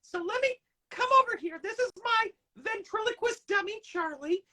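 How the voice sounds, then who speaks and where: A woman's voice: extremely high pitch, lively intonation, normal speed, sharp tone, heavily acted. A woman voicing a cheerful, showy talking roll of toilet paper that opens a puppet comedy show in a bubbly, hammy way. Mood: chirpy. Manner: bubbly, hammy and self-praising. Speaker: show opener.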